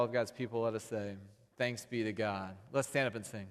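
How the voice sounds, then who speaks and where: A man preaching a sermon, relaxed and conversational, building to emphatic peaks. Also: lowish voice, brisk. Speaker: pastor. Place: church sanctuary. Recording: long hall reverb.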